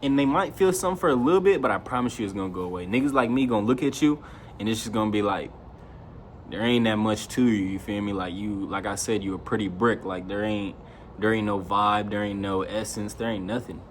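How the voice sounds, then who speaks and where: A man's voice: on the low side, a little fast, a little hiss or hum. A young man talking straight to camera in a loose, slangy monologue, raising his voice when he quotes his friends. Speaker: vlogger.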